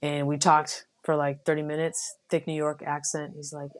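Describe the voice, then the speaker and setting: A young adult woman from the United States, a Marine officer guest, telling stories in a relaxed, casual way with many fillers. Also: low voice, normal speed, few pauses. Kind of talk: casual interview.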